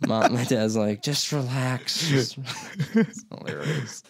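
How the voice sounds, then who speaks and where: A man's voice: mid-range voice, sing-song, very slow, vocal fry, breathy edge. A young man telling a story in casual chat, rambling, swearing often and acting out what people said. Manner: rambling, swears a lot, acts out quotes.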